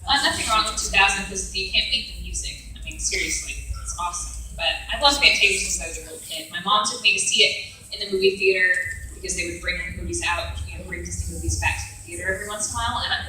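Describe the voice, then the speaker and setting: A woman's voice: mid-range voice, quick pace, sharp tone, slight background noise. A woman in her thirties, a voice actress and director, chatting casually on a convention panel with bubbly energy and frequent laughter. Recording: echoey hall, voice from a distance.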